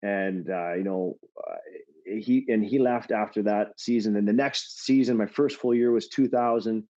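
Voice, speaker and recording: Animated storytelling man, lo-fi sound. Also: on the low side, moderate pace. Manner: animated, laughing storyteller with many fillers. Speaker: guest, former hockey player. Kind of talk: casual podcast storytelling. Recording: dull lo-fi sound.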